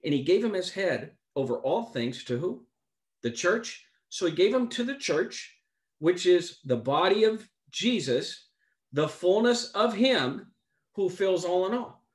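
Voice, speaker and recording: A man's voice: high voice, big pitch swings, unhurried. A man preaching in a conversational Bible-teaching style, emphatic, repeating key phrases and asking rhetorical questions.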